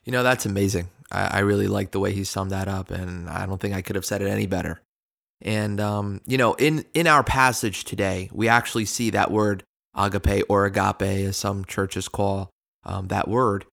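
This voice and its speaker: A man's voice: low-pitched, moderate pace, vocal fry, a bit bright. A man co-hosting a ministry discussion, speaking in an earnest, affirming way and reading scripture aloud. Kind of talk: conversational Bible discussion.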